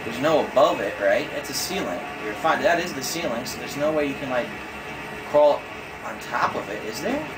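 A man's voice: mid-range voice, animated, normal speed, loud music behind the voice, rough recording. A young man giving frustrated, swear-heavy commentary while playing a video game. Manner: cursing, exasperated, thinks aloud. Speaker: gamer.

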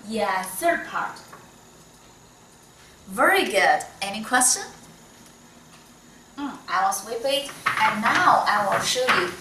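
A woman teaching Mandarin in non-native English with a Chinese accent, patient and slow, with many soft "mm"s. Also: medium pitch, animated, a little hiss or hum. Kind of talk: one-on-one online lesson. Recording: echoey room, voice from a distance.

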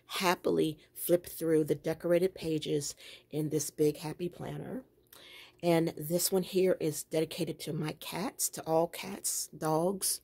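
A planner and journaling vlogger gives a chatty, rambling tour of her home craft room and often breaks into laughter. She speaks with a deep, warm voice.

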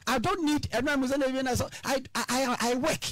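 High-voiced pastor on radio. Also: male voice, quick pace, fairly bright tone, no room sound. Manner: earnest, repeats key points. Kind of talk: radio guest appeal.

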